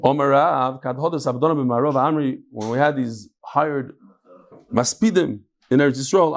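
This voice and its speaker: A man giving a casual Talmud lesson, explaining the text and telling jokes with animated storytelling. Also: normal speed. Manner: animated storytelling, lively shifts in pitch. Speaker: Talmud teacher.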